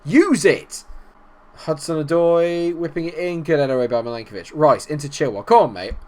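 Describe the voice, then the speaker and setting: A young man commentating his own football management game, exasperated, swinging from low muttering to shouting at his players. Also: fast. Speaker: gaming YouTuber. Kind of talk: let's-play commentary.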